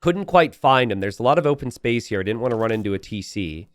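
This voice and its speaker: Young adult male game commentator, casual and chatty, mid-pitched voice that swings up and down a lot, filler-heavy delivery. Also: fast, no room sound. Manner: chatty, animated storytelling with frequent "uh" fillers.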